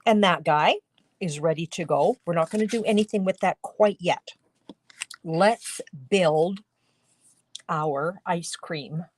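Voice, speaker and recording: In a dry recording, a middle-aged woman with a lowish voice speaks slowly while demonstrating card making live from her home craft studio. She's talkative, explains each step to viewers, and coughs now and then because of a tickly throat.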